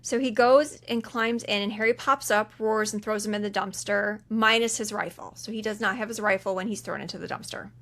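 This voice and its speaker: A woman's voice: mid-range voice, a little fast, few pauses. A woman co-hosting a podcast, retelling a film in casual chat and acting out the characters' lines. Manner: animated retelling, acts out quoted lines in funny voices. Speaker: podcast co-host. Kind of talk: casual movie recap chat.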